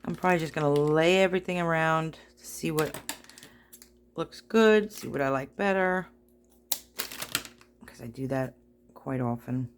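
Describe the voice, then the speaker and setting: Lady in her 50s doing a craft-along, slow and rambly, kinda low voice. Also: slight background noise. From New Jersey. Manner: chatty, self-talking, self-deprecating. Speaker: craft vlogger. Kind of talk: casual craft-along chat.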